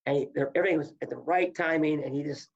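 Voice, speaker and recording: Gravelly husky man telling wrestling stories. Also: a little high, racing, dull audio. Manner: animated storyteller acting out quotes. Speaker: guest, former wrestler. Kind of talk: casual storytelling.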